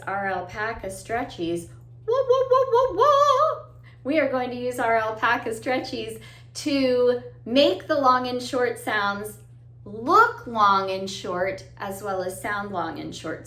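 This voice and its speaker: A woman's voice: on the high side, a bit bright. A woman teaching a children's music lesson. She talks straight to the kids, encouraging, sing-song, and sometimes breaks into song and animal sounds. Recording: roomy echo.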